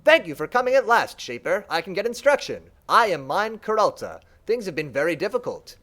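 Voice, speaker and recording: A man's voice: high voice, very animated, a little fast, fairly bright tone, voice pushed up. A man voicing a lonely, fawning male servant creature while reading game dialogue aloud. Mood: pleading. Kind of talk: let's play dialogue read-aloud.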